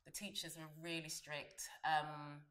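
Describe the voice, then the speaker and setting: A woman recalling in an interview her move between Jamaica and London, speaking in a measured, thoughtful way. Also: deep voice, level tone, fairly bright tone. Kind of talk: interview recollection. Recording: echoey room.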